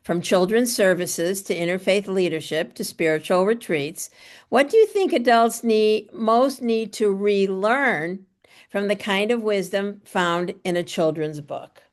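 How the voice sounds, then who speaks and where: A woman interviewer with a mid-range voice poses careful, considered questions. She pauses on fillers as she shapes each thought. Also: medium pitch.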